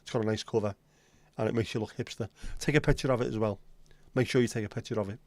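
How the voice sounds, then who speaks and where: A man's voice: lowish voice, fairly even intonation, fast talker, a little mellow. A man, hosting a casual livestream chat with sweary, sardonic rants. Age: 50s. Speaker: livestream host.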